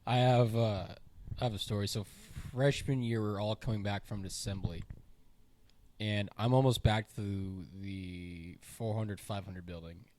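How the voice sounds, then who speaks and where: A man's voice: fairly low pitch, fairly even intonation, measured pace, darkish tone, a little hiss or hum. A young man co-hosting a podcast, talking in a blunt, profane, casual way. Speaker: podcast co-host. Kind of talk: casual chat. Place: podcast studio.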